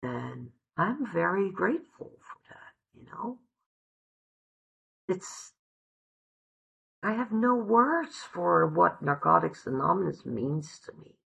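A woman from the Netherlands gives a personal recovery share in a slow, gravelly, bright voice. She is heartfelt and blunt and swears freely. The recording is dull and lo-fi. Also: fairly low pitch, big pitch swings. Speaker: recovery meeting speaker.

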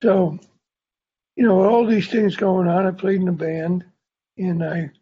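A man's voice: high voice, measured pace, breathy edge, lo-fi sound. An older man with a sore tongue sharing his story at a recovery meeting in a candid, rambling, self-deprecating way. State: sore tongue, speaking carefully. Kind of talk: personal recovery share.

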